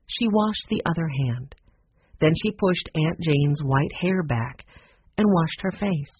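A narrator reading a children's chapter book aloud in a plain, measured storytelling manner. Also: mid-range voice, expressive, breathy edge, dry recording, lo-fi sound. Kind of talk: audiobook narration.

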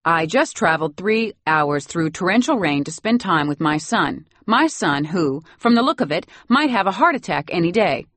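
An acid-tongued old society matriarch with a clipped Boston Brahmin accent, put on by a woman reading an audiobook. She talks down to everyone with dry sarcasm, in a voice pitched a little above the reader's own low tone. The recording is close and dry. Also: very animated, normal speed, hardly any pauses, a bit bright, dry recording. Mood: haughty. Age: over 60. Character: haughty elderly upper-class grandmother. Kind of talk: audiobook character voice.

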